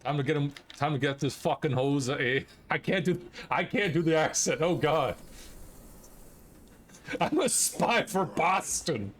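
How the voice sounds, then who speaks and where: A young man giving excitable, swearing commentary while playing a game live, with sudden yelps at close calls. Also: a little high, moderate pace, hardly any pauses.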